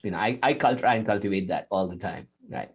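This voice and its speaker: A man answering questions in a spiritual interview on a video call, animated and laughing often, acting out inner voices. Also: on the low side, fast talker, slightly rough, muffled recording. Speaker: guest teacher.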